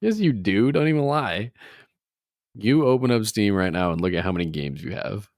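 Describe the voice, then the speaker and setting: A man's voice: on the low side, animated, moderate pace, darkish tone, no echo, clean studio sound. A man co-hosting a podcast in casual chat, teasing and laughing often. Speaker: podcast co-host.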